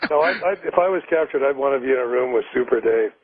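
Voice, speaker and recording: A man calling in to a radio show, eager and chatty, telling a quick joke. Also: medium pitch, no room sound. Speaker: phone-in guest. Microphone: telephone. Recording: tinny phone line.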